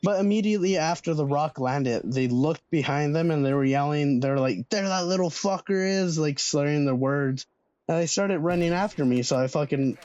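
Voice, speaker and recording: A man's voice: mid-range voice, a little mellow. A young man telling a storytime vlog in a casual, slangy way, swearing freely. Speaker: vlogger.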